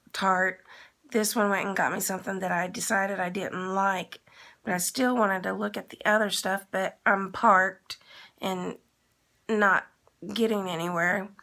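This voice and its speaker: A woman's voice: mid-range voice, gravelly, sharp tone. A woman vlogger telling a long story in a casual, rambling way and acting out the dialogue. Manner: rambling, retells with quoted dialogue.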